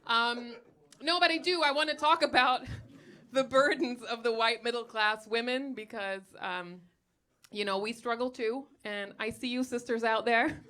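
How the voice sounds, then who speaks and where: A young woman from Germany does stand-up in front of a live crowd, her bright, forceful voice pitched a little high and moving at normal speed. She's chatty and sardonic, fills her lines with ums and likes, and laughs at her own jokes.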